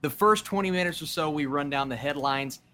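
A man's voice: on the high side, fairly quick, bright, forceful tone, slight background noise. A man co-hosting a geek podcast, welcoming listeners and running down the show format. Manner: friendly, welcoming show opener. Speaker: podcast co-host. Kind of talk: casual chat.

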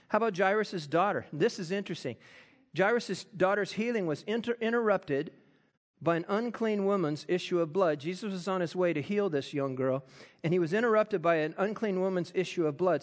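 A man preaching a sermon, animated and acting out quoted voices. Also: high voice. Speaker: pastor.

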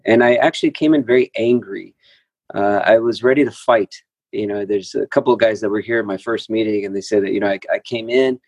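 A man telling his story at a recovery group meeting, halting, with many fillers and restarts. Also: fairly low pitch, a little mellow, dry recording. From Texas. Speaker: speaker sharing at a recovery meeting. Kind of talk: personal recovery share. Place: meeting room.

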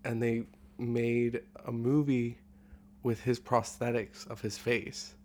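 A man's voice: medium pitch, little pitch movement, takes it slowly, darkish tone, slight background noise. A man in casual podcast chat, playful and joking, spinning tall tales with a straight face. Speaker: podcast guest.

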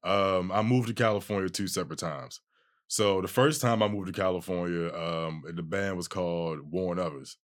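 A man's voice: low voice, normal speed. A young man with a Baltimore accent, a comedian chatting loosely on a podcast, profane and laughing as he tells stories. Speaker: comedian guest. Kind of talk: casual podcast chat.

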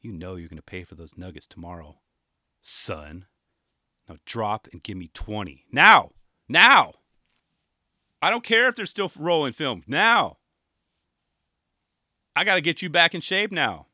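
A man's voice: mid-range voice, big pitch swings, unhurried, pauses often, dry recording, studio quality, heavily acted. A man voicing a stern, fitness-obsessed mom who barks drill-sergeant orders at her son. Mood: barking. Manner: barking, shouted commands.

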